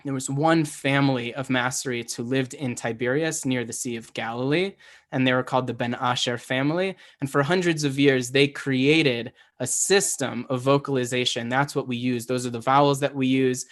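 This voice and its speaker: A man with a medium-pitched voice and a moderate pace teaches Hebrew in a casual lecture. His style is conversational and self-correcting: he restarts sentences and often asks "right?"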